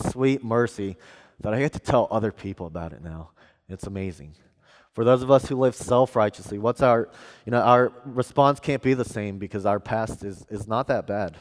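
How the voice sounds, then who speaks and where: A young man delivers a sermon from the pulpit, earnest and self-deprecating, stumbling into fillers and restarts as he goes. His voice sits a little low, and a long hall reverb trails each phrase through the church. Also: a little mellow. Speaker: preacher. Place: church sanctuary.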